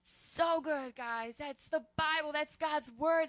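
A young woman giving a casual, earnest sermon, calling her listeners "guys" and speaking with animated conviction. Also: high voice, takes it slowly, no room sound. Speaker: youth preacher.

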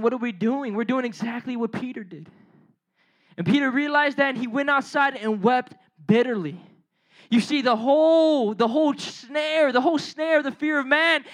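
High-voiced preacher telling a Bible story in slang. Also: a bit bright. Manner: slangy, storytelling, acts out the biblical characters' lines in dialogue; asks the audience questions and addresses them directly. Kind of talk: casual conversational sermon.

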